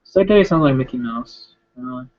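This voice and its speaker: A man's voice: medium pitch, expressive, brisk. A young man hosting a video and rambling bluntly and profanely through viewer questions, with many fillers. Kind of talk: casual rambling chat. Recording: lo-fi dull sound.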